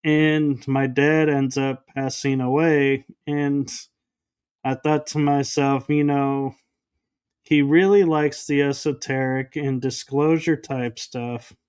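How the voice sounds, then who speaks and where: Male podcast guest, slow and measured, smooth clear voice, acts out quotes. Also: medium pitch. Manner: animated, acts out quoted dialogue. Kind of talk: casual storytelling interview.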